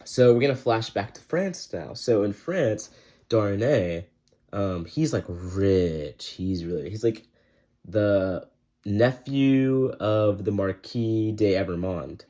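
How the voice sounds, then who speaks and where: A young man talks through a book review in a loose, rambling way, leaning on slang and filler words. His voice sits low, with a soft, mellow tone. He chats easily, like he is talking to friends. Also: lively intonation, takes it slowly.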